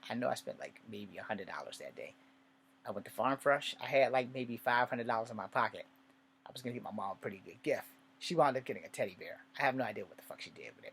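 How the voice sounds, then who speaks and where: A man with a medium-pitched, somewhat bright, slightly rough voice tells a personal story casually and ramblingly. He swears often and keeps drifting into asides.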